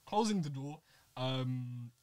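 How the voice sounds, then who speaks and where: A young man, telling a school story in a lively, joking way during a casual chat among friends. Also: mid-range voice, slow pace. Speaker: podcast co-host.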